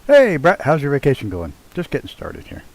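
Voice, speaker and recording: A man's voice: a little high, huge pitch swings, a little fast, low-quality recording. Laid-back swearing male game streamer. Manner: loose, swears freely, chats with viewers while doing cockpit tasks. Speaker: live streamer. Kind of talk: casual live-stream chat while flying a flight sim. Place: at home with his dog nearby.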